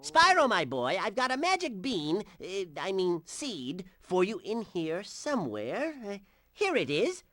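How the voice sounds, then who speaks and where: Animated absent-minded professor. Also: male voice, high-pitched, measured pace, no echo, heavily acted. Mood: cheerful. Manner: rambling, self-correcting. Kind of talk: video game voice acting.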